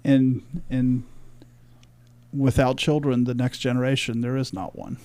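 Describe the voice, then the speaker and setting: A man's voice: medium pitch, little pitch movement, unhurried, warm tone, no echo. A man co-hosting a church podcast, speaking emphatically and quoting scripture in a preachy way. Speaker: podcast co-host. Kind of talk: religious discussion podcast.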